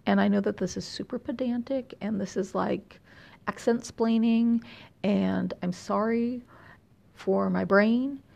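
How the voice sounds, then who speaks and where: A woman's voice: mid-range voice, fairly even intonation, a little slow, gravelly, darkish tone. A middle-aged woman from California with a slight Texas drawl, chatting casually and rambling with lots of fillers and self-deprecating asides. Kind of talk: casual chat.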